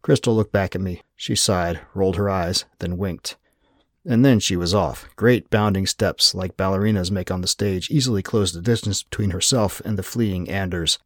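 A man giving a wry, measured first-person narration of an audiobook. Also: low-pitched, dry recording, clean studio sound.

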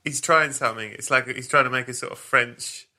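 Bright-voiced male podcast host, teasing. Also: mid-range voice, steady tone, fairly quick. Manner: dry, teasing banter. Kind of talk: casual chat.

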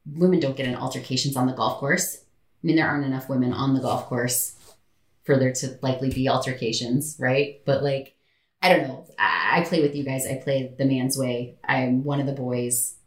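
A woman's voice: very deep voice, steady tone, normal speed. A woman co-hosting a podcast, chatting casually and reading a news story aloud with amusement. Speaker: podcast co-host. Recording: echoey room, distant mic.

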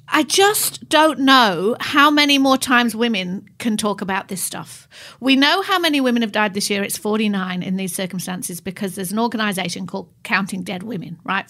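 A woman's voice: mid-range voice, a bit bright. A woman co-hosting a casual podcast, speaking with emphatic, impassioned conviction. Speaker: podcast co-host.

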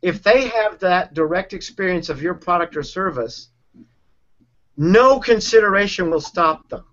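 A man's voice: high voice, animated, unhurried, a bit bright. A man coaching, earnestly explaining a technique and acting out quoted speech in a conversation. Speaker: relationship and sales coach. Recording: dull lo-fi sound.

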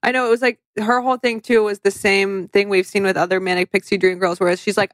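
A woman's voice: medium pitch, little pitch movement, fast talker, hardly any pauses, no room sound. A woman co-hosting a podcast in casual chat about movies, rambling with lots of "like" and acting out quotes. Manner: rambling, many likes, acts out quotes. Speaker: podcast co-host.

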